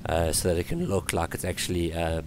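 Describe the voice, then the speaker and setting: A man explaining web page coding in a screen-recorded tutorial, his voice worn from illness, halting with many ums and restarts. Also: low voice, animated, background noise. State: voice going from illness. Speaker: tutorial presenter.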